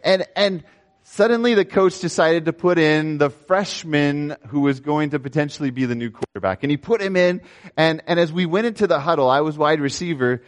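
A young man preaching a sermon, telling a story with animated swings between raised emphasis and quiet asides. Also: a little high, normal speed. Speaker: pastor.

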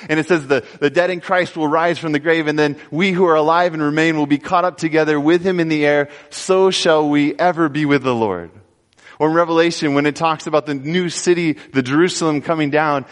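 Guy preaching a sermon, earnest, pushes up hard then drops soft, church hall reverb on him. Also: medium pitch. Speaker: pastor.

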